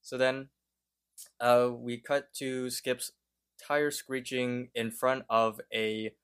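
A man's voice: mid-range voice, little pitch movement, slow pace, fairly bright tone, smooth. A man co-hosting a podcast in casual chat, talking hesitantly and thinking aloud as he describes a cartoon scene. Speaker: podcast co-host.

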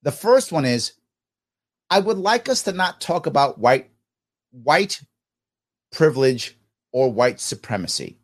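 Animated man with a lively voice. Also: on the high side, unhurried, pauses often. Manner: animated and emphatic, with sarcastic asides. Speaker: podcast host reading listener comments. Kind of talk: casual opinionated commentary.

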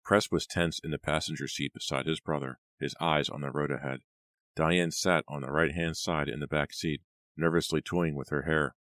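A man narrating an audiobook in a steady, even reading. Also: extremely low pitch, moderate pace, no room sound. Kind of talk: scripted narration.

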